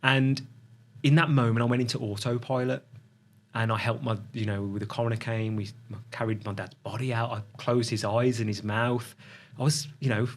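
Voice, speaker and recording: A middle-aged man telling a personal story as a podcast guest, reflective and halting, often restarting his sentences. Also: mid-range voice, flat delivery.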